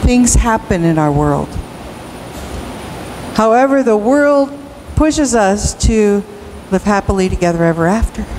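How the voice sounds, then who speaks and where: A woman pastor preaching a sermon in a church, slow and emphatic, rising into cries at times. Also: a little high, darkish tone, a little hiss or hum, rough recording. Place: church sanctuary.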